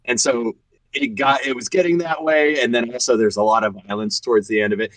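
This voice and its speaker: A voice actor in his thirties guests on a podcast, chatting earnestly and laughing easily. His mid-range, slightly bright voice is brisk with fairly even intonation, and the recording is rough, though without echo.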